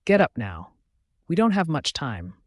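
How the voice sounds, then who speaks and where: A man voicing a steady, weary young man in an audiobook, speaking with a heavy sigh in his words. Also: fairly high pitch, a little slow, no room sound, studio quality, full character voice. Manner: steady, sighing.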